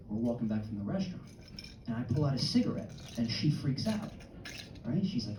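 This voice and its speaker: A man's voice: mid-range voice, lively intonation, quick pace, noisy background. A man in his early thirties performing a brash, crude stand-up set in a comedy club, with punchy outbursts. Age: early 30s. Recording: roomy club sound from a distance with audience. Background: audience laughter and club ambience.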